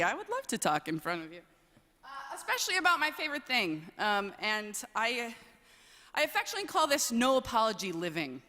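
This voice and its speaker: A woman's voice: a little high, wildly swooping pitch, brisk, pushed and bright. A young woman from southern Wisconsin giving a playful, self-deprecating personal talk at a college chapel service, with lots of "um"s. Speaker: chapel speaker, speech coach. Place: large chapel. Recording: long reverb in a large chapel.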